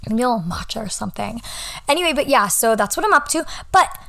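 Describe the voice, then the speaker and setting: A woman's voice: on the high side, lively intonation, quick pace, gravelly, pushed and bright. A young woman in her twenties, a law student hosting a podcast, talking in a rambling, casual way full of "like" and "um". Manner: rambling, chatty, frequent "like" and "um". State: yawning, a little tired. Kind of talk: casual solo podcast chat.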